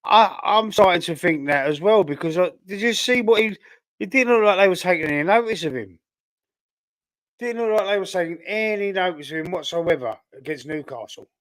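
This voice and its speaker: A man with a Cockney accent talks loosely on a live fan stream, thinking aloud with plenty of "uh"s and restarts. His voice sits a little on the high side and sounds close and dry, with a nagging cough that leaves him slightly choked. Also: expressive, brisk, a bit bright, no room sound. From London, England. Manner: rambling and chatty, thinking aloud with frequent fillers. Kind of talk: casual live-stream chat, reading viewer comments.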